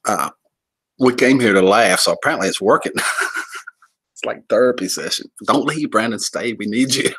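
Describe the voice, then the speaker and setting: A man's voice: fairly low pitch, moderate pace, long pauses, a bit bright, breathy edge. A man hosting a casual livestream, joking, laughing often and rambling as he greets viewers and reads comments. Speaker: livestream host.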